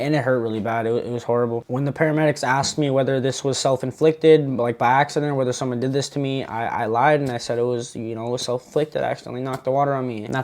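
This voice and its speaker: In a personal vlog, a twenty-year-old man tells his own story in a halting, earnest way, restarting his sentences many times. His voice is mid-range with a darkish tone.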